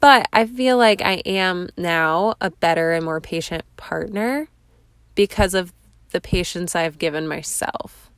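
A woman's voice: lowish voice, measured pace, smooth, dry recording. Chatty woman rambling from her car. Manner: rambling, chatty, laughs often. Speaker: podcast host. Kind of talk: casual solo podcast chat. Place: parked car.

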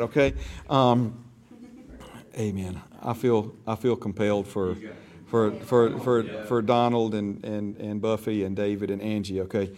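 Speaking at a normal pace in a lowish, steady, slightly mellow voice, a man teaches a church discipleship class. He is folksy and chatty, repeating words, restarting sentences, and checking in with "right?" and "okay?"

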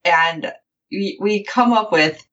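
A woman co-hosting a casual recap show, animated and acting out the characters' lines as she tells it. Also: medium pitch, takes it slowly, highs cut off. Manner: animated, quotes characters in playful voices. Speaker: podcast co-host.

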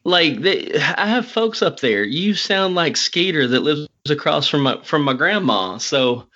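A man hosting a podcast interview, excitable and rambling, often breaking into laughter. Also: fairly high pitch, measured pace, dull audio. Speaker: podcast host. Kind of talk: casual interview chat.

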